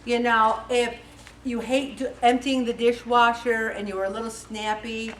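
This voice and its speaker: Woman, 50s, group leader, chatty and lively, higher voice, miked from across a roomy hall. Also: moderate pace, slight background noise. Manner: chatty and animated, acts out quoted voices. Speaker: faith-based support group leader. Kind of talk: casual talk to a group. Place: meeting room. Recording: echoey room from far off.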